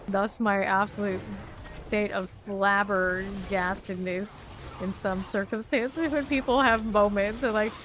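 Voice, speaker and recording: A woman's voice: medium pitch, steady tone, unhurried, fairly bright tone, faint music behind. A woman streaming a game live, rambling chattily and laughing often as she plays. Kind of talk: live gameplay commentary.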